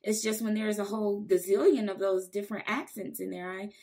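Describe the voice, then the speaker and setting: A woman's voice: mid-range voice, steady tone, fairly quick, darkish tone. A woman hosting a casual podcast interview. She talks in a chatty, enthusiastic way and laughs along easily. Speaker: podcast host.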